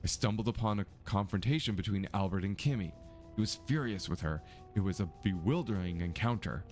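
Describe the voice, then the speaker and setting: A man's voice: lowish voice, expressive, brisk, a little mellow, soft background music, natural voice. A man voicing an earnest young woman amateur detective in a mystery game, reading her dialogue steadily in his own voice.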